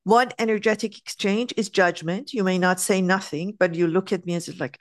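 A woman's voice: medium pitch, brisk, hardly any pauses, dry recording, clean studio sound. A woman teaching a spiritual class, talking emphatically and acting out examples in different voices. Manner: animated, emphatic, acts out examples.

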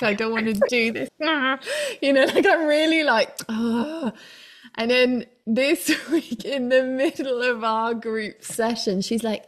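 A woman's voice: on the high side, measured pace. Woman animatedly telling stories. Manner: animated storytelling with laughs and exclamations. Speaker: single mother in a dance class. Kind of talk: casual chat.

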